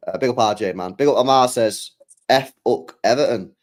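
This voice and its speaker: A man hosting a live stream, reading super chats and giving shout-outs in a relaxed way. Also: mid-range voice, brisk. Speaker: host. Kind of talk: casual live stream chat.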